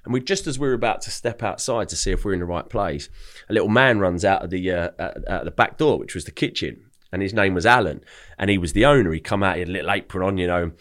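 Young male guest, very low pitch, casual rambling storyteller. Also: fast talker, fairly bright tone. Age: young adult. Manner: chatty, repeats words when starting sentences. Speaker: podcast guest.

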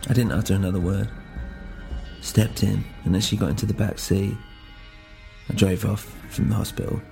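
A man narrates a first-person story in a calm, measured way. His voice is low and gravelly, and faint music plays underneath.

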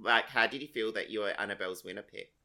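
A man's voice: fairly low pitch, fast talker, vocal fry, sharp tone. A man co-hosting a podcast, asking questions playfully and laughing a lot. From Australia. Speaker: podcast co-host. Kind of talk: casual podcast interview.

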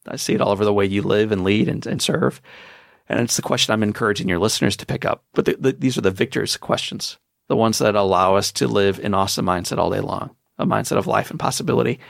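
A man's voice: lowish voice, creaky, fairly bright tone, no room sound, clean studio sound. A man in his forties telling his story as a podcast guest, with an emphatic, preacher-like motivational delivery.

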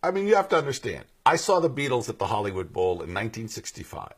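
A man telling a story in an interview clip, excitable, acting out the other people's voices and shouting the quotes. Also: medium pitch, fast talker, slightly rough. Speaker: film director telling an anecdote.

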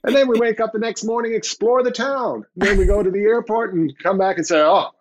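A man's voice: high voice, fairly even intonation, a little fast, slight background noise. A middle-aged man, a podcast guest telling wry anecdotes with sarcastic asides. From Canada. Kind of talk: anecdotal storytelling.

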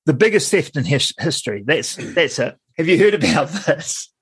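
On a dry recording, a New man with a husky, slightly high voice co-hosts a casual podcast at normal speed. He's very animated, laughing as he goes and constantly interrupting himself mid-ramble.

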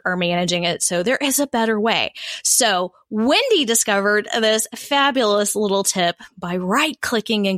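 A woman's voice: medium pitch, fairly bright tone, no room sound, clean studio sound. A woman co-hosting a podcast, talking in an upbeat, enthusiastic way. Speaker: podcast co-host. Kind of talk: casual podcast talk.

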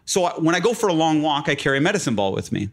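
A man's voice: fairly high pitch, big pitch swings, racing. A young man telling a long personal story in a casual chat as a guest, full of fillers like "like" and "uh". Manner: rambling, filler-heavy, laughs through his stories.

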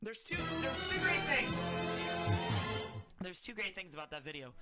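A woman's voice: medium pitch, huge pitch swings, normal speed. Crude, rambling woman co-host. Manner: crude, swears freely, rambling. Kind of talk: casual podcast chat. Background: loud music.

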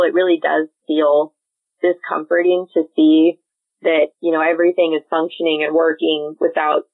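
A woman from Illinois co-hosting a podcast, talking through a book chapter in a chatty, analytical way and laughing easily. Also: low-pitched. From Illinois, USA. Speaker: podcast co-host. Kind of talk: casual book discussion. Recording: tinny phone-like audio.

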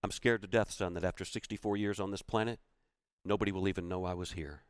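A man voicing his aging mentor in his sixties, who speaks quietly, tenderly and plainly. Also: sits low, steady tone, quick pace, clean tone, no echo, clean studio sound, natural voice. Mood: frightened. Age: 60s. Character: aging male mentor, dying, gentle and fatherly.

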